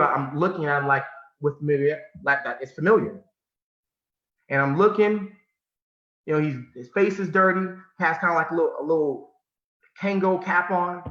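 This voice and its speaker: Emphatic bright-voiced man speaker. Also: medium pitch. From California. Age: adult. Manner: emphatic, swinging from loud to hushed, repeats phrases. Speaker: motivational speaker. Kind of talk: motivational talk with a personal story. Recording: muffled sound in an echoey room.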